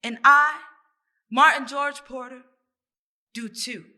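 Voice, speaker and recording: Woman poet, spoken-word recital; high, crisp and bright, unhurried, rhythmic delivery. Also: fairly even intonation. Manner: rhythmic, deliberate, repeating phrases. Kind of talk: spoken-word poetry performance.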